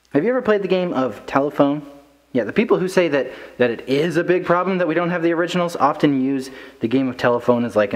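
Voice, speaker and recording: Casual church teacher man, chatty. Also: medium pitch. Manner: conversational, asks "right?" often, acts out quotes. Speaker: children's ministry teacher. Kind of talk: casual teaching talk to kids.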